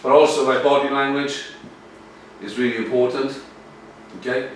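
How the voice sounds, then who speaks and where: Male coach giving an animated workshop talk, distant mic, echoey room with faint noise. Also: mid-range voice, normal speed. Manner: lively, animated, addresses audience directly.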